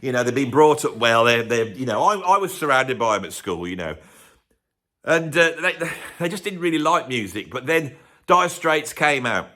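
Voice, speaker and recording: A man's voice: mid-range voice, very animated, normal speed, bright, forceful tone. A man from the UK hosting a music video, rambling sarcastically in a comic monologue to camera. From United Kingdom. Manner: sarcastic, rambling, self-interrupting.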